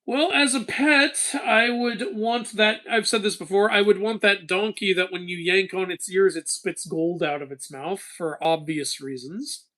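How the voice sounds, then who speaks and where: Reading chat questions aloud, this live-stream host answers in an animated, casual way, laughing a lot and swearing offhandedly. His voice is high, and he speaks unhurriedly with few pauses.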